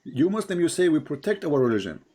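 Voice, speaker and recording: Male debate host, slightly high voice, combative, mocking, keeps repeating his point. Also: sing-song, fast, dark tone, slightly rough. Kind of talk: heated live debate.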